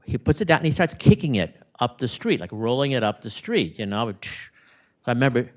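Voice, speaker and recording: A man speaking at a memorial service in a retirement community room, telling rambling, animated stories about a late neighbor. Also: medium pitch, brisk. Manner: rambling, animated anecdotes with acted-out quotes. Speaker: neighbor giving a eulogy.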